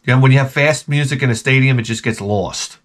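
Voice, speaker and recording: Guy ranting on his vlog, swears constantly, rambles all over the place, does little boom and ding noises. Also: quick pace. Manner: rambling, swears a lot, drops into mouth sound effects. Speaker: retro gaming vlogger. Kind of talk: rambling profane monologue.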